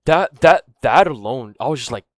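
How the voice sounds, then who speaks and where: A man's voice: medium pitch, expressive, normal speed, dry recording. Rambling, cursing man in a dry room. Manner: rambling, profane, keeps losing his thread; filler-heavy, with frequent "right?" and "man". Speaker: vlogger. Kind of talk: casual rambling monologue.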